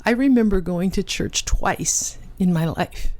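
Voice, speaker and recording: A woman and ministry cofounder giving an earnest, emotional personal testimony, with dramatic pauses. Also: mid-range voice, warm tone. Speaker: ministry cofounder and conference speaker.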